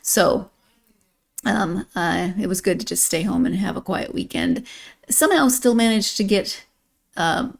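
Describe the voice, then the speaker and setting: A woman hosts a book podcast in a relaxed, chatty way. Her voice has a gravelly fry, and she drifts through fillers and quick restarts as she introduces the episode. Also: mid-range voice. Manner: chatty, with fillers and self-corrections. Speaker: podcast host. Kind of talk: casual podcast talk and book blurb reading.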